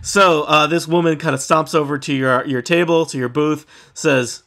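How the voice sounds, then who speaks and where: A man narrating as game master of a tabletop game, relaxed and halting with many fillers. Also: fairly high pitch.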